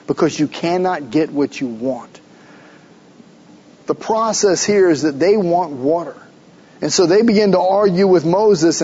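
A man's voice: sits high, darkish tone, breathy edge, lo-fi sound. A man preaching a sermon as pastor, pressing his listeners with rhetorical questions and emphatic repeats.

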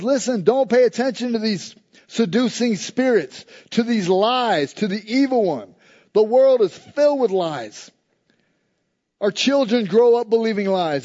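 A man with a son at school, preaching a conversational sermon and moving between loud emphasis and soft, low asides. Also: muffled recording. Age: adult with a school-age son. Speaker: pastor.

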